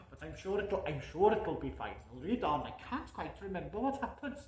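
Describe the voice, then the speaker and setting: A man's voice: on the high side, big pitch swings, moderate pace, a crowd in the background. A man playing Santa Claus, reading a storybook aloud to children with chuckles and chatty asides. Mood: jolly. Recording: echoey room.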